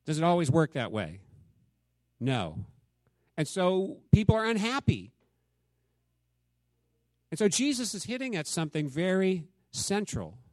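A man leads a Bible study in a relaxed, talky way. He often quizzes his listeners and acts out the quotes he reads. His voice sits a bit high and the sound is dry and close. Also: measured pace, long pauses, no echo. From United States. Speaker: church teacher.

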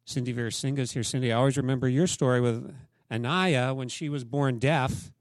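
Animated male pastor preaching, dry close sound. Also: medium pitch, brisk, dry recording. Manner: animated storytelling with asides to the congregation. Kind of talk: sermon.

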